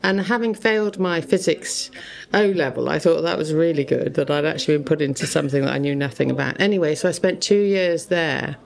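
A woman's voice: low voice, brisk, creaky. An older woman from Gloucestershire with a Gloucestershire accent, chatting as a podcast guest and telling stories from her past. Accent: Gloucestershire English. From Gloucestershire, England. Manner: chatty storyteller, laughs while telling stories. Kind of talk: casual chat. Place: a home.

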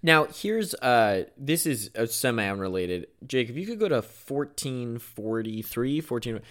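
A man co-hosting a podcast in an easygoing, slightly halting way. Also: mid-range voice, animated, a bit bright. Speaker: podcast co-host. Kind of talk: casual chat.

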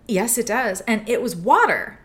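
A woman in her thirties co-hosts a podcast and tells a story during casual conversation. Her delivery is theatrical and animated, with a fairly high pitch at a normal speed.

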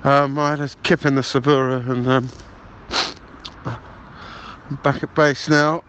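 A man's voice: medium pitch, little pitch movement, slow pace, fairly bright tone, slight background noise. A man leaving pushy, conspiratorial voicemails, calling the listener mate. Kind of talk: improvised comedy voicemail. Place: car.

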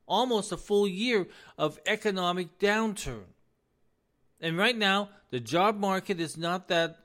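A man hosting a solo commentary, folksy and relaxed at first, then insistent and heated about the economy. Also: fairly high pitch. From US East Coast. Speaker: business administrator, commentary host. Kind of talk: opinionated commentary.

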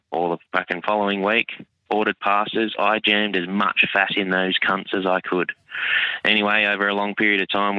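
A man's voice: low voice, pushed and bright, no echo. An Australian man calling in with a crude, swearing, rowdy story, recorded as a dull, dry phone message. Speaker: caller.

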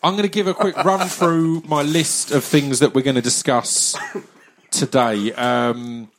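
A man's voice: medium pitch, steady tone, fairly bright tone, a little hiss or hum. Rambling man hosting a podcast. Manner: rambling, halting with many fillers and restarts. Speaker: podcast host. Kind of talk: casual podcast banter.

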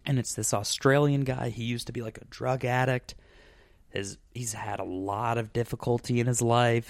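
A man's voice: medium pitch, no room sound. Rambling man chatting casually on a podcast. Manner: rambling, full of fillers and restarts. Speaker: podcast host. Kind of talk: casual chat.

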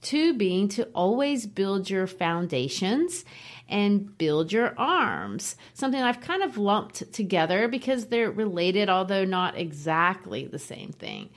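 A woman's voice: medium pitch, very animated, slow pace. A woman co-hosting a book podcast in a conversational discussion style, laughing easily and posing questions to her co-host.

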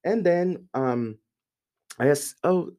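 A man in his forties from Brazil, speaking English with a Brazilian accent as a Portuguese native speaker. He is a guest in a casual podcast interview, telling lively stories as an English teacher. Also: medium pitch, normal speed. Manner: lively storyteller who acts out quoted voices.

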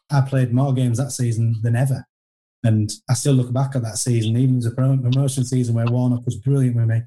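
A man's voice: mid-range voice, mellow. A middle-aged man, a former footballer telling stories in a casual interview, rambling and self-deprecating with many restarts.

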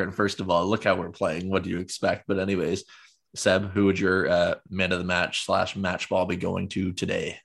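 A young man hosts a fan football podcast in a relaxed, rambling way, full of fillers and self-deprecating asides. His voice sits very low. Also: gravelly. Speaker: podcast host. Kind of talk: casual football podcast chat.

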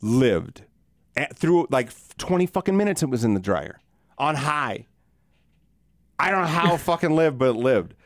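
A man's voice: medium pitch, expressive, moderate pace, pauses often, no room sound. A middle-aged man hosting a podcast, telling rambling stories with plenty of swearing and laughter, recorded on a studio microphone. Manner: profane, rambling, laughing often. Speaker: podcast host. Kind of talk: casual storytelling chat.

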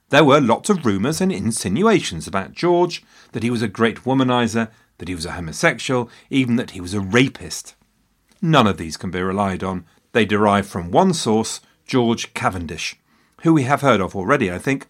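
Low-pitched guy narrating history, voice swings up and down a lot, wry asides. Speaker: history podcast host.

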